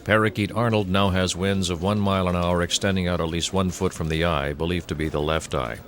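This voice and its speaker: A man reading a parody news bulletin in a deadpan newsreader voice. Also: low voice, a little fast, lightly acted.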